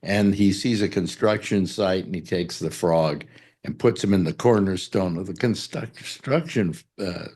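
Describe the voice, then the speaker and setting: A man's voice: sits low, moderate pace, darkish tone, husky. A man hosting a talk show, telling jokes and rambling stories in casual chat. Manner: rambling storyteller, breaks into sung and acted voices. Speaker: radio talk show host.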